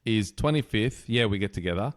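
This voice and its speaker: A man's voice: lowish voice, animated, a little fast. An Australian man co-hosting a podcast, chatting casually and telling a joke with a laugh in his voice. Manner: jokey storyteller, laughs often. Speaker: podcast co-host.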